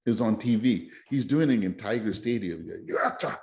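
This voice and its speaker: A man chatting casually as a podcast host, rambling and excitable with many restarts. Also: fairly low pitch, fairly quick. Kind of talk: casual chat. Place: lives in Japan.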